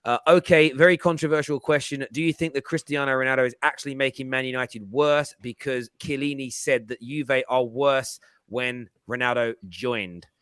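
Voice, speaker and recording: A man's voice: mid-range voice, steady tone, moderate pace, few pauses, fairly bright tone, clear, resonant tone, dry recording. A man hosting a casual football fan panel, bantering and reading out viewer messages. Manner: bantering, laughs often, reads out viewer messages. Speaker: host.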